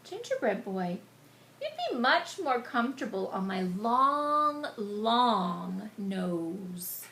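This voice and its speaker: A woman's voice: mid-range voice, big pitch swings, takes it slowly, pushed and bright, heavily acted. Woman doing a sly coaxing old crocodile. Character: sly clever old crocodile, falsely polite. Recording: echoey room.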